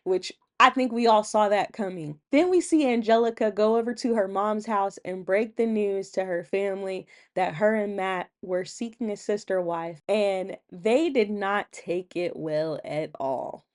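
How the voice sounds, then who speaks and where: A woman's voice: medium pitch, measured pace, few pauses, darkish tone. A woman hosting her own channel, chatting casually through a TV episode recap and acting out the quotes with a laugh.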